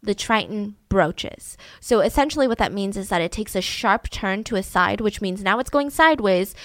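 A woman hosting a podcast, telling a true story in an animated way and acting out the voices. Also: mid-range voice, no echo. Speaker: podcast host. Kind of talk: storytelling true-crime narration.

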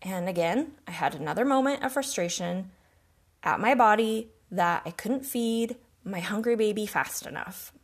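A woman's voice: medium pitch, expressive, normal speed, breathy edge. A woman hosting a podcast, telling a personal story in an earnest, reflective and emotional way. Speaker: podcast host.

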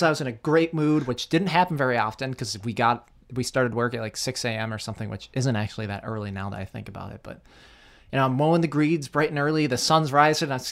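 A man's voice: on the high side, fast talker. A young man co-hosting a casual podcast, telling work stories with laughs and acted-out quotes. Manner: animated, laughing storyteller who acts out quotes. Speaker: podcast co-host. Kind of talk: casual storytelling chat.

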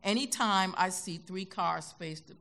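Gravelly, bright-toned older American woman. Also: fairly low pitch, slow pace. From United States. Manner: animated storytelling, acts out quoted voices. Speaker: guest. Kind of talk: onstage conversation. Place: concert hall stage.

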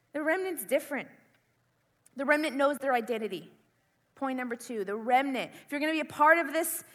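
Bright-voiced woman preaching in a hall. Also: high-pitched. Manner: animated storytelling, acts out screams and panic. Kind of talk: sermon with personal story. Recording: long hall reverb.

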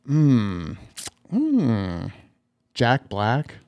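A man thinking out loud and hesitating in casual podcast chat. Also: medium pitch, wildly swooping pitch, drawn-out words, no echo, muffled recording.

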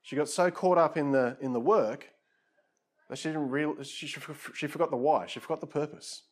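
A man's voice: on the high side, normal speed, a little mellow. A man preaching a conversational sermon, casual and self-deprecating, with frequent asides to his listeners.

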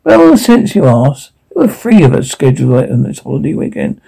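An actor playing an obsessive male security guard holding a woman captive, taunting and mocking her, then flaring into rage, in a dark audio drama. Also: mid-range voice, huge pitch swings, brisk, creaky, husky, exaggerated voice, poor audio.

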